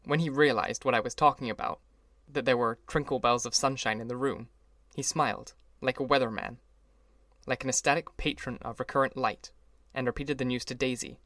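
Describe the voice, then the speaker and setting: A man reading a classic novel aloud as an audiobook, in measured, even storytelling narration. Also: medium pitch, dry recording, studio quality. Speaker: audiobook reader. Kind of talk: scripted narration.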